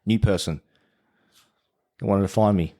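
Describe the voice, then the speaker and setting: A man's voice: fairly low pitch, a little slow, dark tone. An Australian man telling his story as a podcast guest in a casual, laid-back way and swearing freely. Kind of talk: casual chat.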